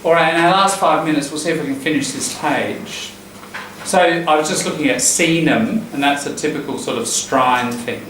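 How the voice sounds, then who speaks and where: A man teaches a relaxed English class, unpacking pronunciation patterns and repeating phrases to model them. He is picked up from a distance in a very echoey classroom, with faint hiss in the background. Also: fairly high pitch, moderate pace.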